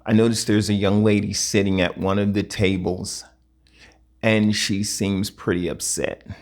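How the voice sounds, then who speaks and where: A man telling a personal story in a casual, halting way, in short broken phrases. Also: on the low side, little pitch movement, darkish tone. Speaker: vlogger.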